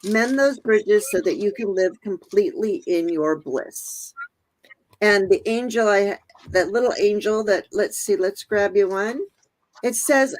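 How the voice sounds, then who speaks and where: A woman's voice: medium pitch, measured pace, poor audio. A woman reading tarot and oracle cards for viewers, meandering and thinking aloud as she searches for the right words. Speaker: tarot and oracle card reader.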